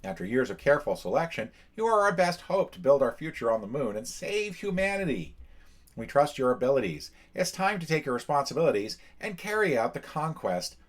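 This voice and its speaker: A man's voice: mid-range voice, sing-song, brisk, pitched above the performer's own voice. A man reading out a solemn official message urging humanity to the moon, in a dramatic, raised voice. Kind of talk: reading a campaign book aloud.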